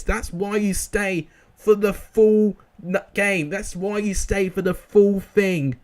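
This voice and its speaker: A young man commentating football games live for viewers, excitable and out of breath. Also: sits high, slow pace. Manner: shouts and laughs at goals, chats with viewers.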